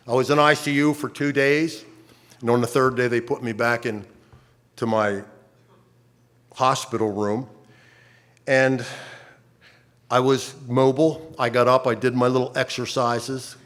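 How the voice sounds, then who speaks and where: A man's voice: medium pitch, fairly bright tone. Older man telling his story with wry humor. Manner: conversational storytelling, wry humor, halting restarts. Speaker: conference speaker. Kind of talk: personal testimony talk. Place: conference stage.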